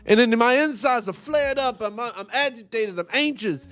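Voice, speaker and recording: Man, high voice, heated livestream rant, swearing, faint music underneath. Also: normal speed, hardly any pauses. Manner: animated, ranting, swearing, mocking voices. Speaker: livestream host. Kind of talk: heated live-stream commentary.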